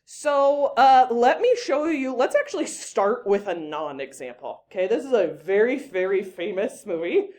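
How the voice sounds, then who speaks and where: A woman teaching public speaking to a class with a mellow, warm voice. She talks in a lively, chatty way and breaks off now and then to direct her students. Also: fairly high pitch, moderate pace, hardly any pauses. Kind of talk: casual classroom lesson.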